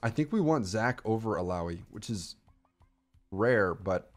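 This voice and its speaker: A young male streamer narrating his own game in a casual, animated way. His pitch leaps around as he swings from quiet muttering to loud, excited outbursts, with faint music behind him. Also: a little slow.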